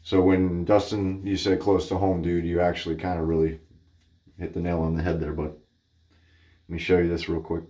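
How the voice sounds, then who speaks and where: A man from Texas with a notably deep voice talks his way through a shave. He rambles, breaks off to greet people, and corrects himself mid-sentence in a loose, chatty way. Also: level tone, normal speed, dark tone. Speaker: wet shaving channel host. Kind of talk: casual chat while shaving.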